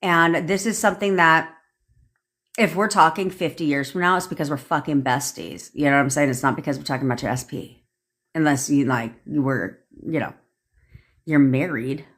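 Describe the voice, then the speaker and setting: A woman's voice: low-pitched, normal speed. A woman, coaching on a live stream and answering viewer comments. She talks bluntly and profanely, with lots of asides. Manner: blunt, profane and animated, with frequent laughs and asides. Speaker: manifestation coach.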